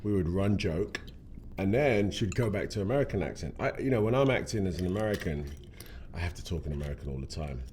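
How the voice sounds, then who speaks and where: An actor in his forties chatting in an interview, relaxed and unhurried. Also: low-pitched. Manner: relaxed, laid-back, unhurried. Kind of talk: casual interview chat. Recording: faint background noise.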